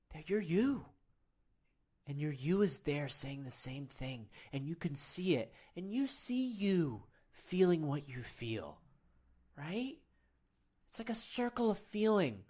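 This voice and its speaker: Male host, parody meditation guide: rambling, earnest, hushed at times, very animated pitch. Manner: rambling, earnest, soft-spoken.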